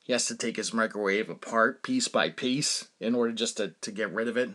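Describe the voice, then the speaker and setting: A man's voice: fairly low pitch, a little fast. A man in his forties hosting his own podcast, telling rambling stories in a casual monologue with lots of fillers and laughs. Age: 40s. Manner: rambling, animated storytelling with frequent fillers and laughs. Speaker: podcast host.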